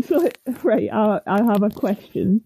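A woman's voice: mid-range voice, expressive, measured pace, creaky, dark tone, slight background noise. A woman chatting wryly over a video call, speaking close into a muffled computer mic while lying down. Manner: chatty, wry and teasing. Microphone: muffled computer microphone, speaking up close while lying down.

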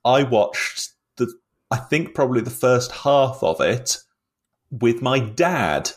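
A man's voice: medium pitch, lively intonation, slow. A man chatting casually about a film with friends, laughing often and rambling with restarts. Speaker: podcast co-host discussing a film. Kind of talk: casual chat.

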